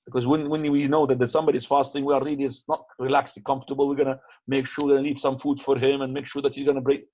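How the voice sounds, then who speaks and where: A man's voice: mid-range voice, little pitch movement, racing, few pauses, mellow. A man teaching in a casual, conversational way, mixing in Arabic phrases and restarting his sentences. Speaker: teacher answering questions. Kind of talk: lecture with questions. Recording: dull, lo-fi upload.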